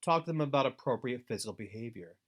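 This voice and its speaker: A man giving an instructional webinar talk to foster parents, earnest and deliberate, with steady advising emphasis. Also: medium pitch. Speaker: foster care trainer.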